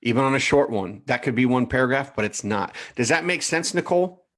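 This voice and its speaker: A man with a medium-pitched voice, speaking a little fast, leads a live training session. He animatedly reviews profiles aloud, says things more than once, and names the viewers he's talking to.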